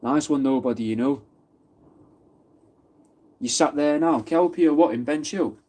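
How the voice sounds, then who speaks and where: A man's voice: a little high, a little slow, mellow. A man from Manchester with a Mancunian accent, chatting casually on a live stream, answering viewers' comments and swearing freely. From Wythenshawe, Manchester. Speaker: livestream host.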